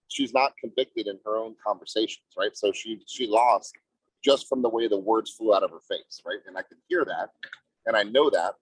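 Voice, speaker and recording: In a team meeting, a male real estate agent pushes his points emphatically, salesman-style, tacking "right?" onto his lines again and again. His voice has a breathy edge with no echo, captured on muffled, lo-fi audio.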